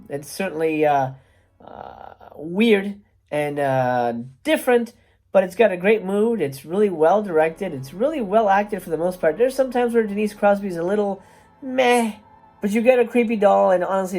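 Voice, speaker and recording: Low, mellow-voiced woman reviewing a film. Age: adult parent. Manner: chatty and wry, with frequent "uh" hesitations. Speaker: movie reviewer and channel host. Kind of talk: casual video review.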